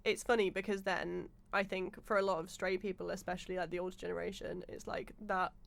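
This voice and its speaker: A young woman chatting as a podcast guest, telling lively stories full of fillers and acted-out quotes. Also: fairly low pitch, fairly quick, gravelly. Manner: animated storyteller, acts out quotes with many fillers. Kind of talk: casual chat.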